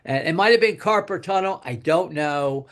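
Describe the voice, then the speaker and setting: A man's voice: fairly high pitch, animated, normal speed, a bit bright. An older man telling a long personal story in a casual, rambling way, repeating words and dropping his voice for quoted asides. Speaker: guest speaker telling a testimonial.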